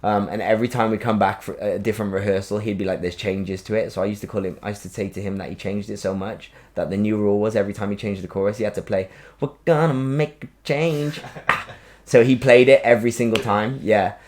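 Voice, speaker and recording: A man, hosting a podcast and telling a story in a casual, animated way, acting out quotes and swearing freely. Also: lowish voice, fast, hardly any pauses. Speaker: podcast host. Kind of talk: casual chat.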